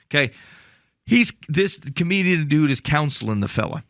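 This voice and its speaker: Male podcast co-host, gravelly and mid-range, dry booth sound; animated storyteller with exasperated asides. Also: on the high side, fairly quick, no echo. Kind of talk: casual podcast chat on faith.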